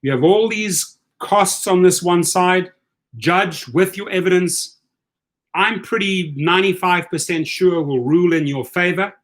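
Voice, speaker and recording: A middle-aged man with a South African accent and a fairly high voice runs a livestream chat. He coaches his listeners with energy and tends to restart and repeat his words. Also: unhurried, a bit bright. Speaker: host. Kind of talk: livestream chat giving advice.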